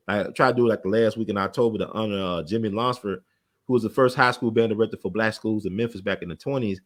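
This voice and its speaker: Fast-talking man telling history. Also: fairly low pitch. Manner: rapid, animated storytelling, admits talking fast. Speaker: interview guest, community organizer. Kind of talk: casual conversational interview.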